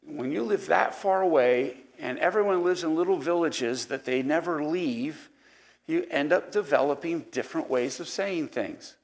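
A man's voice: a little high, normal speed, vocal fry. Chatty East Coast man teaching Bible. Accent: East Coast American. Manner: conversational, digressive, with fillers and asides. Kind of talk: Sunday school Bible lesson.

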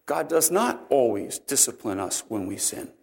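An earnest male preacher walking his listeners through a passage of scripture. His voice sits in an ordinary middle pitch, and he thinks aloud with "uh" and "um" as he explains each point. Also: very animated, moderate pace, creaky, a little mellow. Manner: earnest, explanatory, frequent fillers. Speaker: pastor. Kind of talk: sermon.

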